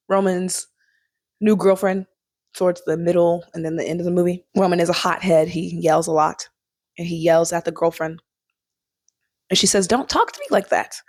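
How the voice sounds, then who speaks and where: A woman's voice: on the low side, dry recording, clean studio sound. Chatty young woman reviewing a film. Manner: chatty, animated, laughs often, sings snippets. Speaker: vlogger. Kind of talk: casual chat, movie review.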